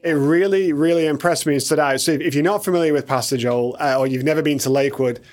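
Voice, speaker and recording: A man hosting a casual studio conversation, relaxed and rambling with many fillers. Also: fairly high pitch, fast. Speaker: podcast host. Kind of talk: casual chat.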